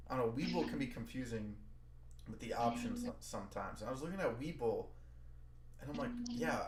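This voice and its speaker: A man co-hosting a trading stream, chatting casually about stock plays, with loud laughing bursts and swearing. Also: medium pitch. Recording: echoey room with faint noise.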